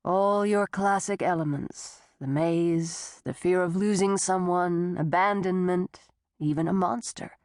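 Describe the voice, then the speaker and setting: A woman voicing a male doctor who speaks calmly, clinically and patronizingly. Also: on the low side, a little slow, no room sound, studio quality. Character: calm, condescending male doctor on the phone.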